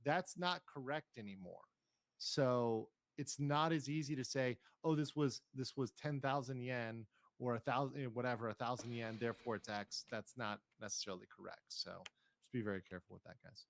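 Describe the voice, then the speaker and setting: A man's voice: mid-range voice, normal speed, vocal fry. A man hosting a stream, commenting on clips and reading chat aloud in a careful, hedging way. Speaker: streamer host. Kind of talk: casual commentary reacting to clips.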